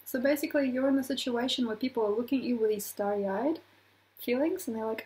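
A woman astrologer talking casually to her viewers, animated, acting out little quoted voices and laughing often. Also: on the high side, fast, rough recording. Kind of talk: casual astrology talk to camera.

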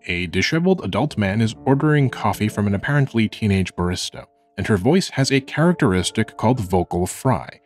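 A young man with a slight vocal fry, narrating a scripted video essay in a measured, earnest, reflective way. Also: lowish voice, animated, soft background music.

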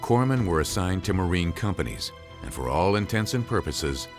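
A man reading scripted documentary narration in a measured, solemn way. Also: low voice, sing-song. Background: music.

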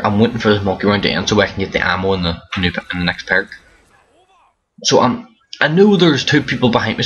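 A man's voice: lowish voice, a bit bright, husky. A tired young man giving rambling casual commentary over a zombie game, often restarting his sentences. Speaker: gaming commentator. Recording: dull lo-fi mic with faint hiss.

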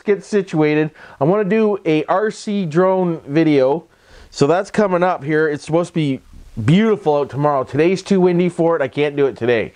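A man's voice: a little high, a little mellow. A Canadian man with a Canadian accent doing a casual voice-over for his vlog, folksy and rambling, full of catchphrases and tag questions. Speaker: vlogger. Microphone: microphone put on for voice-over.

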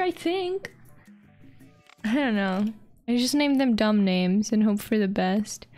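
A young woman streaming a park-building game, excitable, swearing a lot and laughing often. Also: a little high. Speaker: vtuber streamer. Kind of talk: casual gameplay commentary.

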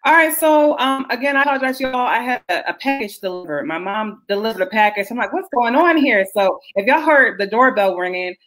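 A woman's voice: a little high, brisk, hardly any pauses, a bit bright. A woman hosting a casual livestream chat over a video call, chatty and explaining as she tells stories. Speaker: host.

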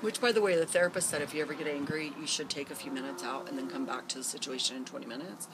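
A woman's voice: low-pitched, rapid-fire. Middle-aged lady rambling thru a story to her camera outside, lots of ums, windy noisy garden. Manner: rambling, candid, many fillers and restarts. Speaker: vlogger.

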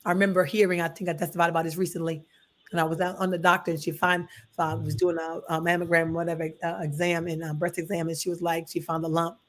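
A woman's voice: lowish voice, little pitch movement, fast. A middle-aged woman pastor preaching at a Bible study in a folksy, emphatic way, often calling listeners honey.

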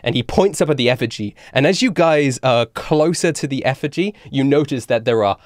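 A man narrating a tabletop game as game master, slow and full of fillers. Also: medium pitch, expressive, no room sound, studio quality. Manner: slow, filler-heavy, chuckling.

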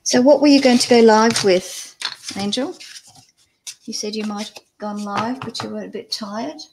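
This older woman, Scottish but with an Australian accent, hosts a craft channel and streams live and casually from her home crafting table, where a camera picks her up. She talks with viewers and muses on measurements at a moderate pace in a fairly high voice, over a noisy background.

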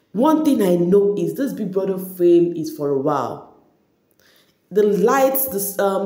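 Chatty woman vlogger, warm and roomy. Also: mid-range voice. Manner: chatty, laughs often, addresses viewers directly. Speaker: celebrity gossip vlogger. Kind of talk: casual reality-show gossip commentary. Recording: echoey room.

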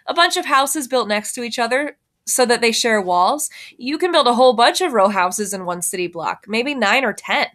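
A woman reading the part of a quiet, thoughtful young girl from the city, speaking softly and with reserve. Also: fairly high pitch, animated, moderate pace. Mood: explaining. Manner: soft, reserved.

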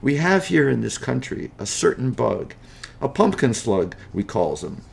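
A man's voice: medium pitch, very animated, a little slow, vocal fry, pitched above the performer's own voice, heavily acted. A man doing a sly, oily scheming rogue. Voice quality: oily, wheedling, folksy grammar. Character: sly scheming male slug seller.

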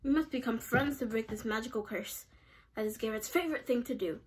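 A woman's voice: on the high side, a little fast, husky. A woman voicing an earnest, overly formal young man cursed into a bull, in her own voice. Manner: stiff, overly formal phrasing.

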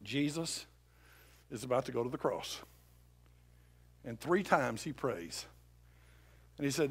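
A middle-aged male pastor preaching a sermon with passion, swinging from loud appeals to hushed pleading. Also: medium pitch, animated, slow, long pauses, breathy edge.

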